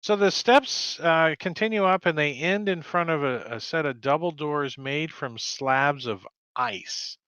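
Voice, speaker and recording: A man running a tabletop game as game master, describing scenes in an unhurried way with hesitant fillers. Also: on the high side, a bit bright, clear, resonant tone, no echo, dull audio.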